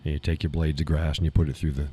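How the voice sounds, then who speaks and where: Male live-stream host, low and husky; loose rambling chat with frequent chuckles, small home studio. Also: little pitch movement, racing, mellow.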